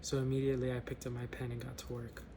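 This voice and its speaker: A man's voice: mid-range voice, completely flat delivery, quick pace, background noise. A man hosting a casual book club vlog, rambling, joking and interrupting himself before reading a story. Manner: loose, joking, self-interrupting.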